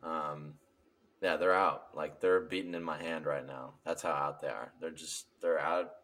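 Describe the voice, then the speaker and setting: A man's voice: rumbling low, steady tone, unhurried, a bit bright. A young man co-hosting a podcast, telling stories in a rambling, casual way and laughing often. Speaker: podcast co-host. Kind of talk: casual chat, storytelling.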